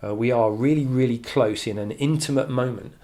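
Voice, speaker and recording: A man's voice: medium pitch, a little fast, dark tone. A man teaching a poetry analysis lesson, thinking aloud with many restarts and reading quoted lines with emphasis.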